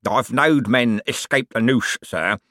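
A man voicing a gruff old male crook with false teeth, growling in rough common speech and drawling slowly. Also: mid-range voice, a bit bright, no echo, studio quality, lightly acted.

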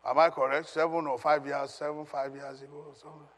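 A man's voice: fairly high pitch, little pitch movement, fast talker, a bit bright, husky. Man preaching in a reverberant hall. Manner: emphatic, questions the congregation. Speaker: pastor. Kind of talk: Bible teaching.

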